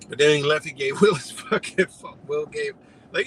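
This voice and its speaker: A man hosting a live stream, telling a story in a loose, profane, animated way and laughing often. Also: a little high, brisk, slight background noise, poor audio. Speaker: livestream host.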